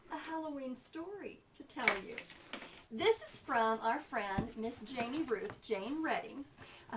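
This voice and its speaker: A woman's voice: fairly high pitch, far from the mic, background noise. A woman hosting a casual show-and-tell, bubbly and enthusiastic, then reading a story aloud. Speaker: host.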